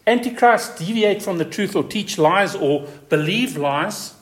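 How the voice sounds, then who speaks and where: A man preaching a sermon as pastor, stressing key words with repetition and rising to high emphatic peaks. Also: expressive, measured pace, fairly bright tone.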